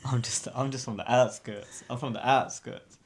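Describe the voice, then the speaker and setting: A man's voice: mid-range voice, steady tone, unhurried. A young man from outer co-hosting a podcast in casual, slangy chat, laughing often. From England. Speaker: podcast co-host.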